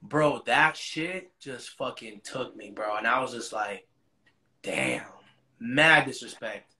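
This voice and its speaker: A man's voice: mid-range voice, unhurried, pushed and bright. A man as an interview guest, retelling a story in casual, profane slang.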